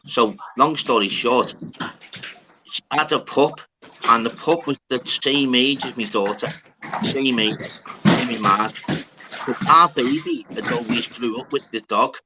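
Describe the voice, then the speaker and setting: A man's voice: medium pitch, a little slow, long pauses, noisy background. A man telling a rambling, sweary story in casual chat. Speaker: podcast talker.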